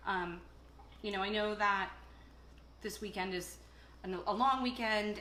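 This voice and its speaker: With a lowish voice and a sharp tone, a woman hosts a casual cooking video full of chatter, jokes and stories. A little hiss or hum is audible. A camera across the kitchen records the room's echo along with clattering dishes and cutlery.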